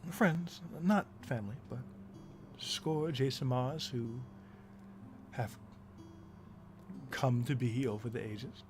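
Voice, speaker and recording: Guy running a tabletop game, mid-pitched voice, laid back, lots of ums, faint music behind. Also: takes it slowly, long pauses. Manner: relaxed, hesitant narration with fillers and chuckles. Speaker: game master.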